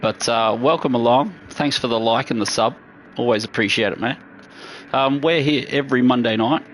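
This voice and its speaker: An Australian man with a mid-range voice chats at a moderate pace while live-streaming a racing game, with a little hiss or hum in the audio. His commentary is casual, laid-back and talkative, and he often says "mate".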